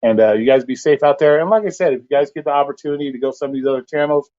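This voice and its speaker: A man's voice: fairly high pitch, very fast, mellow, muffled recording. A man hosting a casual livestream, ranting bluntly with heavy profanity and exasperation. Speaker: livestream host.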